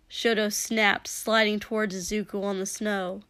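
A woman narrating a story aloud in a slow, measured way. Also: mid-range voice, little pitch movement, fairly bright tone, smooth, no echo, studio quality. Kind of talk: reading fan fiction aloud.

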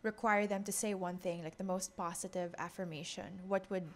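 A woman's voice: on the low side, steady tone, normal speed. Woman podcast host, friendly and casual, filler-heavy questions.

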